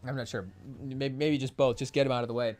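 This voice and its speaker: A man's voice: medium pitch, fairly even intonation, fast, a little mellow. A young man hosting a live sports podcast in a casual, rambling way, often restarting his sentences and joking with his chat. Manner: rambling, self-interrupting, jokey. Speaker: podcast host.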